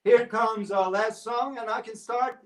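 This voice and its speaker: A man's voice: sits high, steady tone, measured pace, a bit bright. A man fronting a rockabilly livestream from home, bantering loosely between songs with plenty of laughs and filler words. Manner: loose, jokey and chatty, with frequent laughs and fillers. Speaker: rockabilly singer and guitarist performing a livestream show. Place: at home, streaming a virtual concert.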